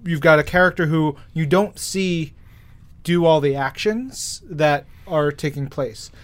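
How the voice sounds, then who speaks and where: Unhurried and fairly high-pitched, a man with a New York or Long Island accent co-hosts a podcast, chatting casually and gushing with enthusiasm about comics.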